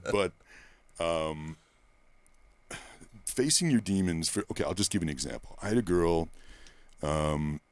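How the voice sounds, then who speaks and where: In a candid interview, a male personal trainer rambles through stories, speaking bluntly and with plenty of profanity. His voice is low, and he is close to the microphone in a quiet room with no room sound.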